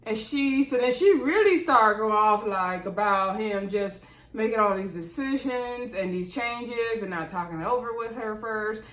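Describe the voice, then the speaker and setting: A woman's voice: on the high side, a little slow, a bit bright. Chatty woman recapping TV, roomy sound. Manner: rambling, chatty, digressive, with frequent asides and fillers. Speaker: reality TV recap vlogger. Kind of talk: casual chatty episode recap. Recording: roomy echo.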